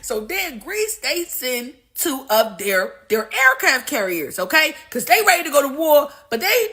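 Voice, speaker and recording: A woman hosting a livestream, telling a profane, animated story and acting out the voices, with laughs. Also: sits high, a little slow, few pauses. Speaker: livestream host. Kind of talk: casual storytelling commentary.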